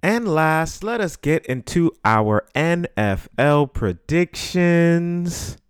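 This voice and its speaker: A man's voice: a little high, big pitch swings, slow, clear, resonant tone, no room sound, clean studio sound. A man hosting a casual podcast, who repeats words for emphasis. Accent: New York. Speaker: podcast host.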